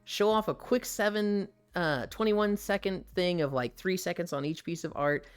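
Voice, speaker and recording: A man's voice: high-pitched, moderate pace, clear, resonant tone. A man chatting candidly on a live stream, swearing freely and laughing often. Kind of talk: casual live-stream chat.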